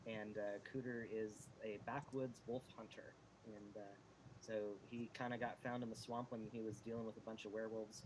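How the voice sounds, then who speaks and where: A man calling in from home to a tabletop game, talking in a relaxed, halting way. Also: on the low side. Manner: relaxed, halting, many fillers. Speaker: player. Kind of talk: casual tabletop game chat. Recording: home mic with clear background noise.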